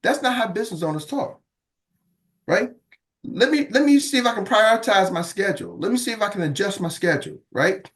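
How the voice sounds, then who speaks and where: With a high-sitting, expressive voice and a slightly fast delivery, a middle-aged man delivers a motivational business talk. He's a business coach with a preacher's style, calling out to the crowd and performing the quoted voices of others.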